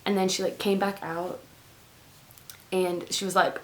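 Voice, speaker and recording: A woman's voice: mid-range voice, little pitch movement, a little slow. Chatty young woman from Texas telling a story. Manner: chatty, heavy use of "like" fillers. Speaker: vlogger. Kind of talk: casual storytelling to camera.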